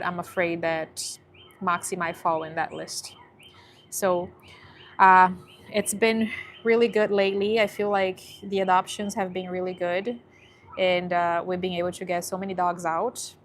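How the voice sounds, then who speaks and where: A woman livestreaming on a handheld phone from an animal shelter, chatting casually with viewers, often laughing and emotional, and softening into baby talk with the dogs. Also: on the low side, slight background noise.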